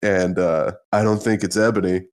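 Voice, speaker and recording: Deep-voiced teasing podcast host. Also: male voice, normal speed, clear, resonant tone. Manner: teasing, deadpan, leads the questions. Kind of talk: crude comedic banter.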